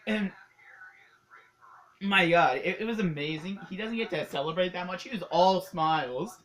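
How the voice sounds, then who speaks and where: A hockey vlogger from Canada giving a casual, excitable recap, rambling with lots of fillers and laughs. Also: mid-range voice, moderate pace, a little hiss or hum, poor audio.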